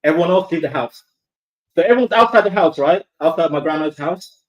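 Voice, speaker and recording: A young man from Somalia telling a spooky story to a group of friends in a casual, animated way, full of swearing, repeats and restarts. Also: on the high side, brisk, dull audio.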